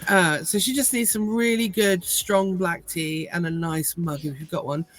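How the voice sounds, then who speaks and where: A woman's voice: on the low side, steady tone, moderate pace, soft background music, low-quality recording. Cheeky chatty woman. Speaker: player. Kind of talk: tabletop role-play in character.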